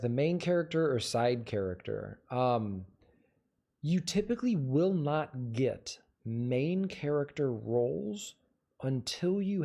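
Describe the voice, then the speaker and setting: A man's voice: mid-range voice, gravelly, mellow. A man hosting a livestream, casually giving advice and answering viewer questions in a conversational way. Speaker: livestream host.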